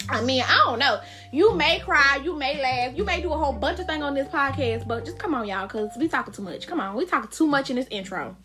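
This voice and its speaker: A young woman chats loosely on her solo podcast and speaks straight to her listeners. Her voice sits a little high, and faint music plays under it. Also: lively intonation, fairly quick. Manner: chatty, informal, talks straight to listeners. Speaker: podcast host. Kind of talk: casual solo podcast chat.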